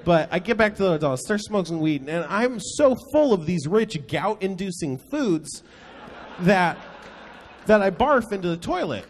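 A young man, audibly drunk, rambles through an excitable story on a live stage. His voice sits high and swings widely in pitch, and a faint hiss lies underneath. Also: moderate pace. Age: young adult. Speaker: show regular. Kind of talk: live podcast anecdote telling. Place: live stage before an audience.

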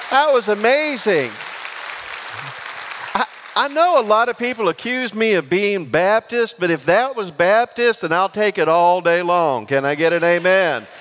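A man, preaching a lively sermon full of jokes and questions to the congregation in a large church. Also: high voice, background noise. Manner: lively and joking, asks the congregation for responses. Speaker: pastor. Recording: long church reverb.

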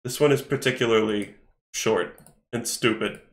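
A man live-streams himself gaming, chatting, thinking out loud and swearing casually as he plays. His voice is mid-range at a moderate pace, recorded in an echoey room.

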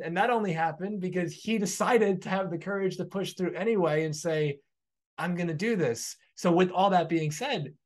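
A man in a podcast conversation, telling a long heartfelt anecdote in an earnest, flowing way. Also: a little high.

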